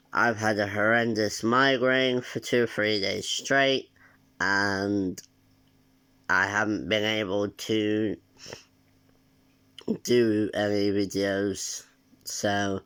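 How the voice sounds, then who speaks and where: A young man with a nasal voice talking casually to camera in a personal vlog, hesitant and pausing often. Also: lowish voice, fairly bright tone, clear, resonant tone. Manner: hesitant, with frequent filler sounds and restarts. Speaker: vlogger.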